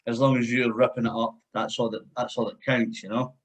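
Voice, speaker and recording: A man's voice: mid-range voice, little pitch movement, a little fast, poor audio. A man hosting a casual interview over a video call, chatty and laughing often. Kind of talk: casual chat.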